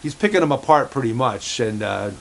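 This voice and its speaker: Guy rambling with lots of ums and uhs, mid-pitch voice, light hiss behind him. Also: expressive, creaky, a bit bright, low-quality recording. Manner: halting, many fillers and restarts, relays a cat's remarks. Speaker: host of a home-made pet show. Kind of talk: rambling casual monologue.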